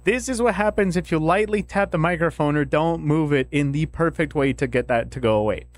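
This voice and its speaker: A man's voice: on the high side, a little fast. A man streaming from home into a studio microphone, casually chatting, telling stories animatedly with casual swearing and frequent laughter. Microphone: dynamic studio microphone.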